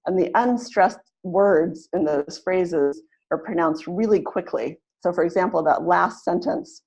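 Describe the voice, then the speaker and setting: A woman leading a webinar for language teachers, explaining in a practical teaching tone and slowly modeling example sentences. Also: on the low side, warm tone, poor audio. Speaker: teacher trainer. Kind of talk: webinar presentation. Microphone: computer mic in an online webinar.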